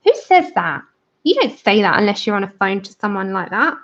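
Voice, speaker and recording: Colouring on a livestream, a British woman talks casually with her viewers, responding to comments and laughing a lot. She sounds very animated, brisk, and a bit bright at medium pitch, though the stream audio is dull and lo-fi.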